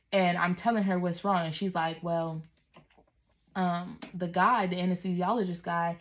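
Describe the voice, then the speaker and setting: Young woman, low gravelly voice, chatty personal story to camera, acts out dialogue. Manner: chatty, many "like"s, acts out quotes with raised voice. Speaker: mother telling her birth story.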